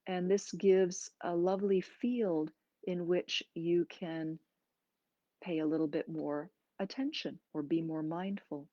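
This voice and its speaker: A woman yoga teacher guiding a breathing class in slow, gentle, soothing instructions with pauses. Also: on the low side, steady tone, dry recording, highs cut off. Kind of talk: guided breathing and movement class.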